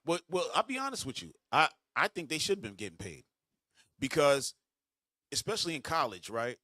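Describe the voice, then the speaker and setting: A middle-aged man hosting a radio talk show, speaking in a casual, animated and emphatic way. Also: fairly high pitch, dry recording, clean studio sound. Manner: animated, emphatic, quick reactions.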